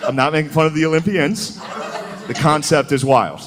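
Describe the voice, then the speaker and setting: A man's voice: a little high, moderate pace, crowd noise. A man doing a stand-up comedy set, telling stories in a crude, profane and laughing way. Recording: noisy live recording.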